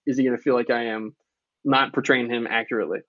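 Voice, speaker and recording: A man's voice: medium pitch, fairly even intonation, fast talker, no room sound, lo-fi sound. A man in his thirties, an author and podcast guest, telling candid stories in a casual conversation, with frequent profanity and quoted dialogue.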